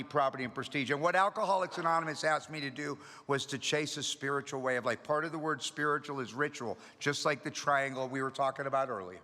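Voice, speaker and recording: A middle-aged man tells his story to a meeting, mixing energy and humor. His voice is bright and forceful and sits a bit high for a man. It rings out with the long reverb of a large hall. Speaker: recovery meeting speaker. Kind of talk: storytelling talk to an audience.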